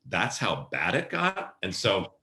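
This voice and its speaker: Deep-voiced man telling animated stories. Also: slow, slight background noise. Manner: animated storyteller acting out quoted voices. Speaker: podcast guest, event planner. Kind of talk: casual storytelling interview. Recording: roomy echo.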